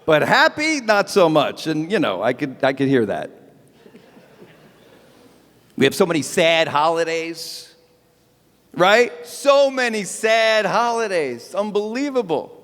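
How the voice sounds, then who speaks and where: A man's voice: a little high, takes it slowly, long pauses. A man doing a chatty, self-mocking stand-up comedy set at an evening event. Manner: animated, chatty, self-mocking, acts out bits. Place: event hall with live audience. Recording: long hall reverb.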